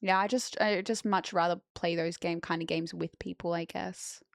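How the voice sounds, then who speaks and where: A woman's voice: on the low side, steady tone, moderate pace, vocal fry, dry recording. A young woman streamer chatting casually with her viewers and answering chat on a close mic.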